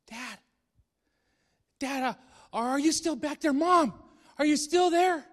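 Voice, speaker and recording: A man's voice: extremely high pitch, slow pace, in a large hall, voice pushed up. A man voicing a frightened young boy who calls out and pleads for his parents. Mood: pleading. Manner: pleading, calling out.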